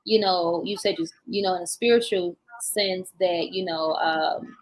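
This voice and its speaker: A woman guest in casual conversation, relaxed and chatty, laughing as she talks and explaining with everyday analogies. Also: fairly low pitch, a little slow, rough recording.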